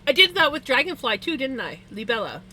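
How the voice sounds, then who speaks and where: A woman chats casually with livestream viewers while spinning wool, giggling and laughing often between words. Her high voice is very animated, a little fast, pushed and bright, captured on a streaming setup in a rough recording with slight background noise.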